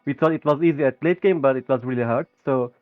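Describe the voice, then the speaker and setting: A man being interviewed after a match, speaking haltingly and repeating words as he searches for them. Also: medium pitch, no room sound. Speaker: pro player being interviewed. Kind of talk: post-game interview. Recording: tinny phone-like call line, dry.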